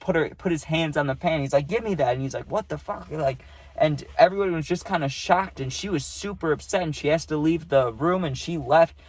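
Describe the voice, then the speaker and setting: A man's voice: a little high, brisk. Rambling young man telling a storytime. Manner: rambling, slangy, swears, says "dude" a lot. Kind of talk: casual storytime monologue.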